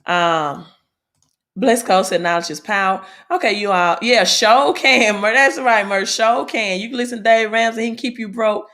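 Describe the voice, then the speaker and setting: A woman's voice: medium pitch, normal speed, a bit bright. A woman with a Southern accent hosts a casual money livestream. She rambles in a chatty way and keeps checking in with "right?". When she reads the news aloud, she stumbles over the words. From Mississippi, American South. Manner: chatty, repeats herself, tags sentences with "right?". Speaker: livestream host on crypto and money.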